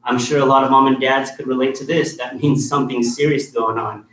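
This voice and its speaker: Man, martial arts instructor running a kids' class, firm but encouraging, mid-pitched, roomy echo, faint hiss. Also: little pitch movement, a little fast, fairly bright tone. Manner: firm and encouraging, checks in with "okay?" after nearly every point. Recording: echoey room with faint noise.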